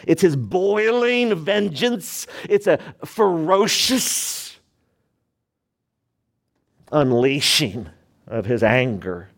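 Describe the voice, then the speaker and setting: A man, a pastor preaching a sermon, emphatic, moving between loud and hushed delivery and asking his congregation rhetorical questions. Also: medium pitch.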